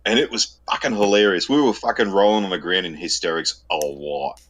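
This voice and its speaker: A man's voice: sits low, brisk, fairly bright tone. Swearing Australian man telling stories. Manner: swears constantly, laughs at own stories. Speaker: podcast host. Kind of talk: crude casual storytelling.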